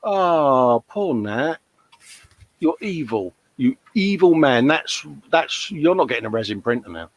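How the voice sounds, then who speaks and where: A man's voice: medium pitch, very animated, measured pace, dry recording. A man hosting a live modelling stream, chatting casually and bantering with viewers' comments. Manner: chatty, matey, jokey banter. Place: hobby workshop at a bench.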